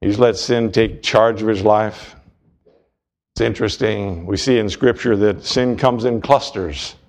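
A man's voice: fairly low pitch, fairly even intonation, measured pace. A man preaching a sermon, earnest and storytelling, driving points home through repetition.

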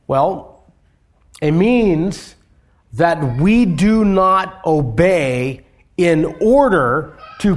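A man preaching an expository sermon, measured, with emphatic rises and soft drops. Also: on the high side. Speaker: pastor.

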